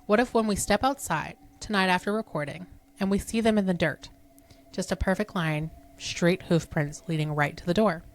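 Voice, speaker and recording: Female podcast co-host, lowish voice, suspenseful and hushed storyteller. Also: moderate pace. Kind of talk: reading spooky stories aloud.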